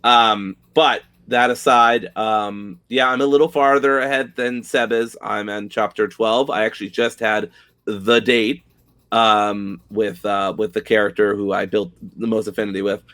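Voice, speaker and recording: A man's voice: on the low side, steady tone, unhurried, a bit bright. A young man co-hosting a casual gaming podcast, talking with loose, enthusiastic energy and casual swearing. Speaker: podcast co-host.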